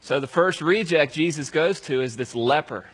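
A male pastor giving a conversational sermon, telling the story aloud and dropping to a hush at solemn moments. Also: fairly high pitch, normal speed, breathy edge, low-quality recording.

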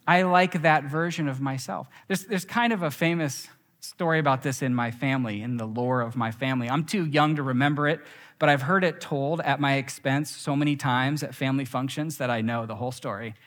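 A young adult man preaching a sermon, telling stories with lively acted quotes. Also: mid-range voice, fairly quick, hardly any pauses. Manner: animated storytelling with acted quotes. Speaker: pastor. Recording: reverberant hall.

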